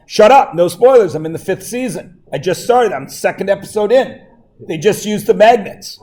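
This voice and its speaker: A man's voice: high voice, animated, moderate pace, a little mellow. A man teaching a math class, chatting and teasing his students between explanations in a classroom. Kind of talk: classroom lecture.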